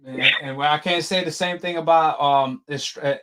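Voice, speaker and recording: A man's voice: fairly high pitch, fairly even intonation, normal speed, crowd noise. A man hosting a live boxing talk stream, chatting in a casual, slangy way and laughing often. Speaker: host of a boxing talk show.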